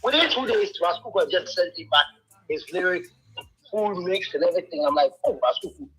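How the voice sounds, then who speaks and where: A man, a reggae artist, talking about his music in a radio interview, animated and storytelling. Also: sits high, brisk, background noise. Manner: animated storytelling, mimics others' voices.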